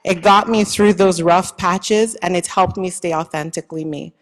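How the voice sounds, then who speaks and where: A woman's voice: lowish voice, moderate pace. A woman from Nigeria with a Nigerian accent, giving a heartfelt award acceptance speech with faith and self-deprecating humor. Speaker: award honoree. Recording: long hall reverb.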